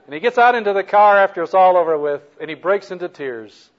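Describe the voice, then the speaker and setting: A man preaching a sermon as a story, animated, moving from soft to loud. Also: sits high, quick pace, dull audio, a little hiss or hum.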